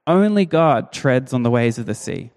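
A man's voice: mid-range voice, lively intonation, moderate pace, darkish tone. A man preaching a sermon in a conversational, emphatic way, asking his listeners rhetorical questions. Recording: long reverb of a large hall.

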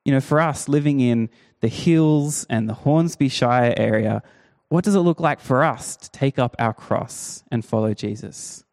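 A man preaching a sermon, telling the story with lively, acted-out quotes. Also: medium pitch, unhurried. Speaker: pastor.

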